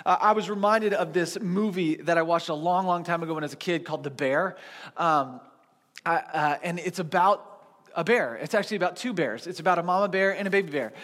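A male pastor preaches a sermon to a seated church congregation, telling stories in a conversational, animated manner with frequent restarts. His voice is fairly high and brisk, with big-room sound.

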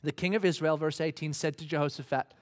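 A man's voice: a little high, fairly even intonation, fast. A man preaching a sermon in a conversational, humorous storytelling manner.

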